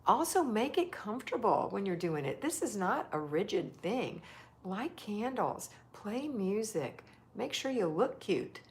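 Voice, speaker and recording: A woman's voice: medium pitch, big pitch swings, measured pace, a little mellow, slight background noise. Chatty woman hosting a livestream. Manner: chatty, affectionate, reads viewer comments aloud. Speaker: livestream host. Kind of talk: casual livestream chat reading comments.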